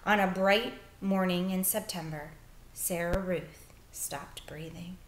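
A woman's voice: lowish voice, slow, reverberant, a little hiss or hum. Woman reading a storybook aloud. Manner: expressive storytelling, soft and hushed in sad parts. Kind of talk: children's book read-aloud.

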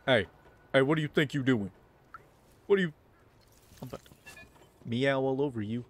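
A man's voice: medium pitch, moderate pace. Joking man narrating gameplay. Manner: playful, joking, slangy. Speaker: gameplay commentator. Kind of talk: casual gameplay commentary. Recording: game music playing behind.

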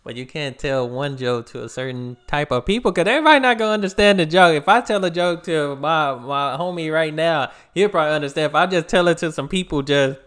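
A man's voice: on the high side, lively intonation, fairly quick, hardly any pauses, a bit bright, clean tone. Laid-back American man reacting. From United States. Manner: laid-back, chatty, talks to viewers. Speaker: reaction video host. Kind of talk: casual reaction commentary.

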